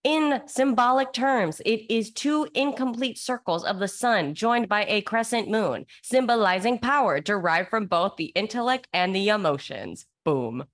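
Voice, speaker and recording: Woman, podcast co-host, casual chat, hyped, lively melody, curses often. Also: medium pitch, unhurried, few pauses. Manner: hyped, swears a lot, lively.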